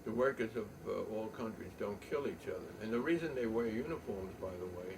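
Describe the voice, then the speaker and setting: An older man telling a long rambling story, halting with many ums and restarts. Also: lowish voice, expressive. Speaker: poet and storyteller. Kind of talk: rambling spoken reminiscence. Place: home loft. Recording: distant mic, faint room noise.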